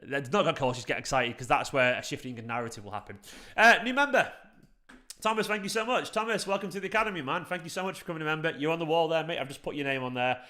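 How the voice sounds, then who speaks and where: A young adult man hosting a football fan live stream, chatty and excitable, swearing casually as he reads the chat. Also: fairly high pitch, fast talker.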